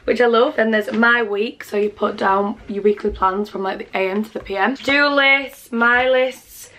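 A young British woman excitedly chatting through her presents in a casual vlog. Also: on the high side, normal speed, slight background noise. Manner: gushing, chatty, full of fillers. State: out of breath. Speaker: vlogger. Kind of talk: casual gift haul vlog.

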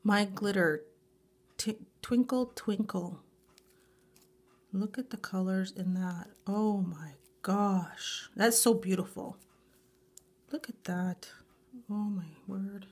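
An excited woman unboxes nail polish supplies on camera, letting out one breathless exclamation after another. She talks slowly and draws out her words as she repeats her praise. Her voice sits at an ordinary middle pitch. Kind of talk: unboxing a grab bag, excited casual chat.

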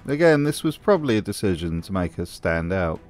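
A man's voice: low voice, very animated, fairly quick, a little mellow, soft background music. Wry man narrating a commentary. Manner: wry, sarcastic. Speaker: host. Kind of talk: scripted commentary.

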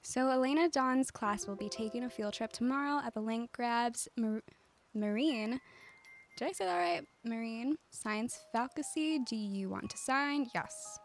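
A woman with a slightly high voice chats with her stream viewers while playing a life-sim game. Her delivery is calm and cozy, loose and giggly, full of "like" and "um", with faint game music underneath. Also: moderate pace, gravelly, few pauses. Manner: chatty, giggly, many filler words.

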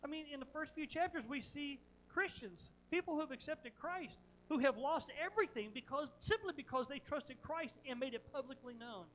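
High-pitched emphatic preacher. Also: expressive, fairly quick, hardly any pauses, slight background noise, rough recording. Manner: emphatic, dramatic retelling with repeated phrases; swings from loud preaching to quiet earnest questions. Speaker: pastor. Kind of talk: sermon.

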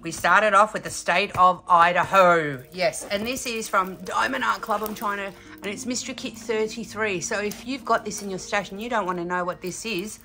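A woman's voice: medium pitch, normal speed, few pauses, pushed and bright, faint music behind. A chatty Australian woman vlogging from home about her craft project, bubbly and a little out of breath. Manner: chatty, bubbly, talks to her pet between remarks. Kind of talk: casual chat to camera.

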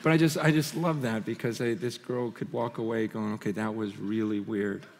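A man giving a conference sermon, telling personal stories in an animated way, full of restarts and laughter. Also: on the low side, normal speed, slight background noise. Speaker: conference speaker. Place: large conference hall stage. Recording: hall reverb from a large venue.

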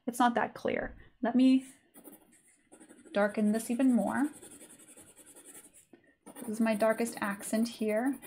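A woman's voice: a little high, darkish tone. A woman teaching a live online sketching lesson in a chatty, informal way with many fillers. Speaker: art teacher.

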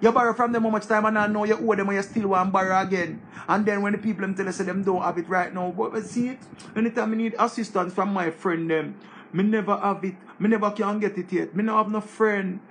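A man with a Jamaican accent rants in a high, gravelly voice. He lectures and repeats his points with the rhythm of a preacher. There is a faint hiss of noise behind him. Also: brisk. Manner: preachy, repetitive, animated rant. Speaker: commentator. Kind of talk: casual monologue.

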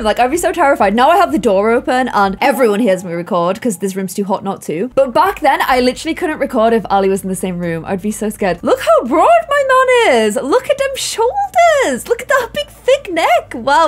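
A young woman with a Yorkshire accent, reacting to her old videos in an animated, self-mocking, exclamatory way. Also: fairly high pitch. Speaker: YouTuber host.

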